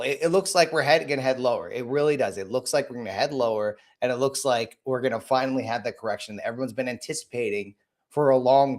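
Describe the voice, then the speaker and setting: A man hosting a casual market livestream, hoarse from a cold, blunt and rambling with many restarts. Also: medium pitch. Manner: rambling, repeats himself, frequent restarts; blunt and casual, greets viewers by name.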